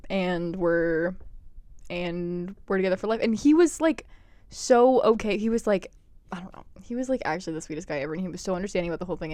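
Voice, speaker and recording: A woman's voice: medium pitch, a little mellow, dry recording. A young woman hosting a podcast, chatting casually and gushing with lots of "like" and "oh my God". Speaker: podcast host. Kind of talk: casual chat.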